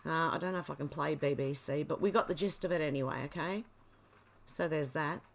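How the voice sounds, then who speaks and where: A woman hosting a livestream, reading social media posts aloud and chatting about them in quick, casual asides. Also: low-pitched, gravelly. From Australia. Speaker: livestream host.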